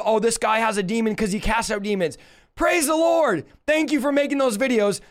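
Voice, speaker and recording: High-pitched male preacher, emphatic livestream Bible teacher who addresses viewers directly.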